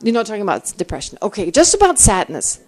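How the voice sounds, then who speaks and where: A middle-aged woman, a Buddhist teacher, answering questions in a teaching, thinking aloud with animated restarts. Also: mid-range voice, quick pace.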